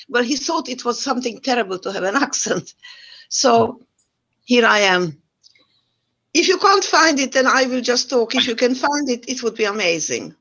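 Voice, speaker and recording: A woman's voice: on the high side, expressive, normal speed, fairly bright tone, lo-fi sound. An older woman with a Central European accent, giving a talk and telling her life story with wry humor. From Yugoslavia. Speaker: guest speaker. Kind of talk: talk to an online audience.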